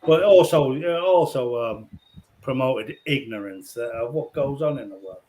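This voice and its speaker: Rambling man with a softened Scouse accent. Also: medium pitch, moderate pace, slight background noise, poor audio. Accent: Scouse, softened by years in London. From England (Liverpool). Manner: rambling, jokey, frequent fillers and swearing. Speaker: guest on a discussion stream. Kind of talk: casual chat.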